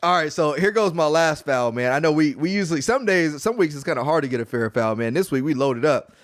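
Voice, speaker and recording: A man with a slightly high voice tells stories on a podcast with lively energy and frequent laughs. His voice sounds close and dry, with no room echo behind it. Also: fairly quick. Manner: animated storytelling, laughing often. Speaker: podcast co-host. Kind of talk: casual podcast chat.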